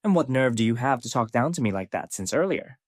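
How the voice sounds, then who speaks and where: A man voicing a young male fighter who has lost his memory, asking cold, flat questions. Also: medium pitch, fairly quick, no room sound, clean studio sound, close to an everyday voice.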